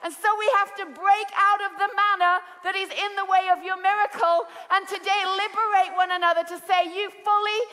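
A British woman preaching a sermon, telling stories with lively energy and rising to shouts. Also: extremely high pitch, a little fast, few pauses. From Britain. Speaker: pastor. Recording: large hall with long reverb.

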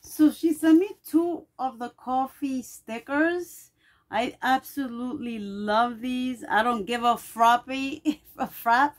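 A middle-aged woman with a fairly high voice chats through a mail unboxing. She gushes with effusive thanks and takes her time, talking slowly. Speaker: vlogger opening mail. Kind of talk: casual unboxing chat.

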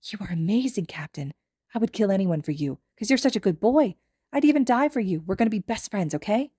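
A woman voicing an excitable, unhinged teenage girl who squeals and gushes, in a storybook reading. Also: mid-range voice, brisk, breathy edge, no room sound, studio quality, voice pushed up. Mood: adoring. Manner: squealing, gushing.

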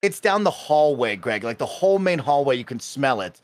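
A man on a podcast, telling a story in an animated, dramatic way. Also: medium pitch, moderate pace. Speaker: podcast regular.

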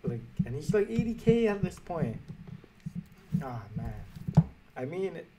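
Slow-talking frustrated gamer man. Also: fairly high pitch, very animated, crowd noise. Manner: frustrated, swearing, erupts into shouts. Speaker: gaming YouTuber. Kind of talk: pack opening commentary.

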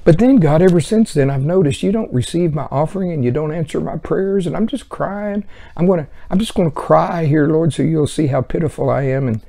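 A man's voice: medium pitch, fairly even intonation, a little fast, mellow, lightly acted. A man voicing a remorseful husband who pleads with God for favor in a self-pitying whine.

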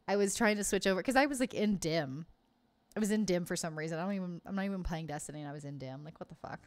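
A woman hosting a livestream, chatting casually and reading live comments, bubbly, swearing freely and laughing often. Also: fairly low pitch. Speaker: livestream host.

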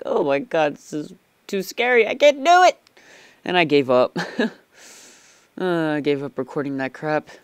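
A man's voice: medium pitch, clear, resonant tone, dry recording. A man giving rambling, chatty commentary while playing a game, easily startled. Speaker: let's play gamer. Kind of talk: casual gameplay commentary.

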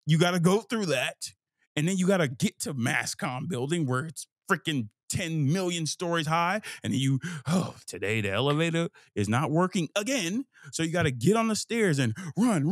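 A young man talks through a long personal story on his own show, swearing freely and acting out the scenes and his inner voice. His voice sits a little high for a man and stays lively and loose. The sound is dry, with almost no room echo. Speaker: host. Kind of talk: casual storytelling monologue.

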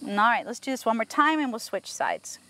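A woman horse trainer working a horse outdoors, explaining to viewers and softly praising the horse as she goes. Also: on the high side, sing-song, normal speed. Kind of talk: instructional training video.

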